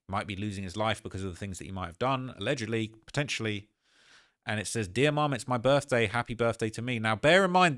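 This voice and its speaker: A man giving animated reaction commentary on a video, often repeating phrases for emphasis. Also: lowish voice, dry recording, studio quality. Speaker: commentary YouTuber.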